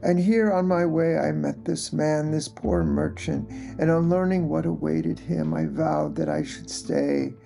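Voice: mid-range voice, animated, measured pace, vocal fry, hardly any pauses, mellow, faint music behind. A storyteller voicing an old merchant who recounts his own tale in an earnest, pleading way.

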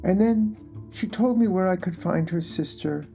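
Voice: medium pitch, normal speed, vocal fry, dark tone, soft background music, close to an everyday voice. A storyteller voicing an old merchant who recounts his own tale in an earnest, pleading way.

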